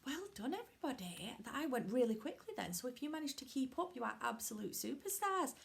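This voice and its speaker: A woman teaching children a phonics lesson, talking slowly in a sing-song, encouraging teacher voice. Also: high-pitched, sing-song, gravelly, slight background noise. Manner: slow, sing-song teacher voice with lots of praise. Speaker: primary school teacher.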